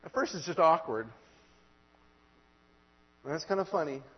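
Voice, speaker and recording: A male preacher giving an earnest sermon, slowing down and pressing hard when he quotes scripture. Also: a little high, animated, slightly rough. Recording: dull lo-fi sound in a reverberant hall.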